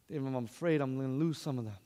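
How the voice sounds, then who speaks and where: Frail devout old grandmother, quoted by a male preacher, soft pleading voice, lower than his own, long echo. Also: rapid-fire, close to an everyday voice.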